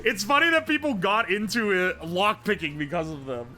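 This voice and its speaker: A man's voice: sits high, animated, normal speed, bright, forceful tone, soft background music. A man streaming live, chatting casually and profanely as he rambles and answers his chat.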